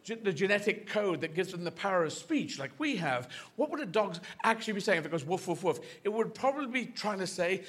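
A man's voice: sits high, very animated, brisk, few pauses, a bit bright. A male stand-up comedian telling a rambling, playful story on stage. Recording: live show with clear crowd noise.

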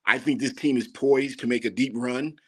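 A man gives confident, emphatic football analysis as a podcast guest. His voice sits at a steady, middle pitch. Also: normal speed, slightly rough.

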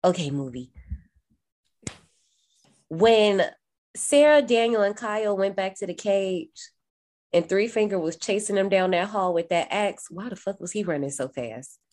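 Unhurried and pausing often, a woman co-hosts a casual horror movie recap podcast. She's animated and swears freely, frequently jumping up in pitch to act out lines she quotes.

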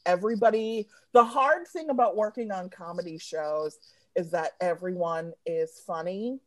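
A woman's voice: lowish voice, normal speed, dry recording. A woman comedy writer chatting casually, telling profane stories and laughing mid-sentence. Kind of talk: casual podcast chat.

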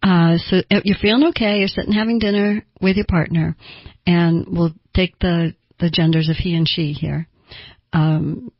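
A woman therapist explaining emotions in a calm, plain teaching manner with homely examples. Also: on the low side, creaky, breathy edge, dry recording, lo-fi sound.

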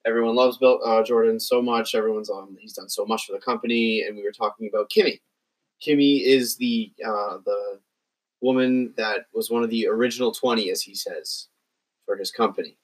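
A man with a low, husky voice chats about movies on a podcast. He rambles, restarting sentences and filling gaps with ums as he goes. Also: fairly even intonation, low-quality recording. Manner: rambling, halting, lots of fillers. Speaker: podcast guest. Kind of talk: casual film discussion.

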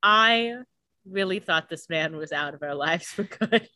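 A woman's voice: lowish voice, measured pace, sharp tone, dry recording. A woman co-hosting a podcast, recapping a TV episode in casual, chatty talk full of "like" and the odd swear. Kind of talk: casual chat.

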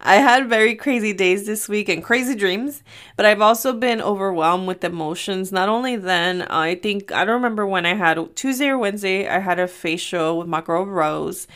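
Young woman rambling on her podcast from her room, chatty storyteller, laughs a lot, medium pitch. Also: moderate pace, fairly bright tone. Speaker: podcast host. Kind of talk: casual solo podcast chat.

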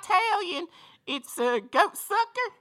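A man voicing an excitable male caller from rural Kentucky, with a put-on Kentucky twang in a very high, squeaky voice, for a comedy call-in sketch. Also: slow, heavily acted. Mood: excited.

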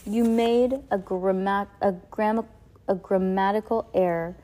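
A woman's voice: mid-range voice, steady tone, unhurried, warm tone, a little hiss or hum, lightly acted, poor audio. A woman reading aloud, voicing a fearful, fussy old woman who pleads nervously.

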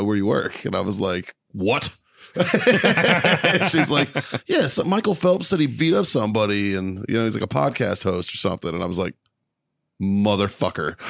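A man's voice: lowish voice, creaky, a bit bright, no room sound, studio quality. A man co-hosting a podcast, telling a weekend story in casual chat, cursing freely and laughing often. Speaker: podcast co-host.

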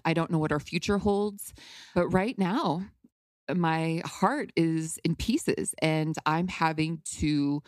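A woman's voice: low voice, no echo, clean studio sound. A woman hosting a podcast, candidly telling a personal story in an emotional, outspoken way with casual swearing. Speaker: podcast host.

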